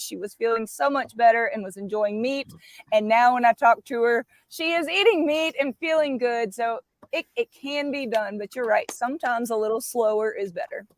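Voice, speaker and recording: High-voiced woman coach telling lively stories. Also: dry recording. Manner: animated storyteller, playful asides. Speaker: carnivore diet coach. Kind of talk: casual live-stream chat.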